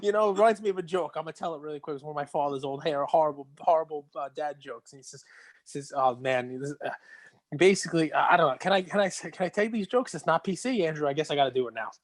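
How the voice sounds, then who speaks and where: A man's voice: fairly high pitch, rapid-fire, no room sound. A man hosting a podcast, joking and telling a story in playful casual chat. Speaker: podcast host.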